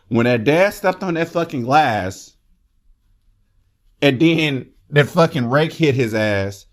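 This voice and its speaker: A man reviewing a movie in casual chat, excitable and rambling, with lots of swearing. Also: medium pitch.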